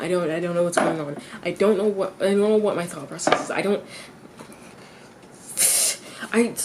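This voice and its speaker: A teenage girl venting in a confessional vlog. She stops and restarts her sentences, repeats herself, swears freely, and her voice jumps high when she gets exasperated. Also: noisy background. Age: teens.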